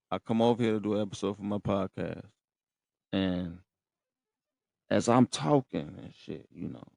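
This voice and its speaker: A low-pitched man with a gravelly, creaky voice tells a story on his podcast. His talk is slangy and profane, and he keeps checking in with his listeners. The sound is dry and close. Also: slow pace, pauses often, darkish tone, no room sound. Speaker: podcast host. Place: room in a rehab center.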